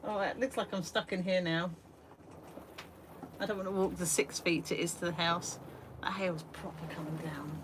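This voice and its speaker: Her voice fairly low and evenly pitched, an Englishwoman hosts an art livestream from a small shed studio at normal speed, pausing often. She chats casually, laughs at herself, and rambles with fillers, with faint background noise.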